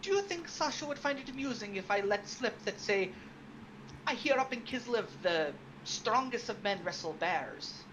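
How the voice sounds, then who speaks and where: A woman's voice: fairly high pitch, lively intonation, normal speed, background noise. A woman playing in a tabletop game, asking curious, playful questions. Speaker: player. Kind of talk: tabletop role-play.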